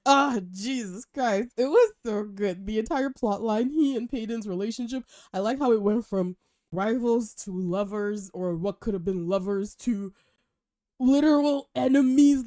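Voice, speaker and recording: A young woman chatting casually and excitedly while reviewing books she has read. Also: a little high, no echo, clean studio sound. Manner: gushing, chatty, animated. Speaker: book vlogger and podcast host. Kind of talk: casual book review chat.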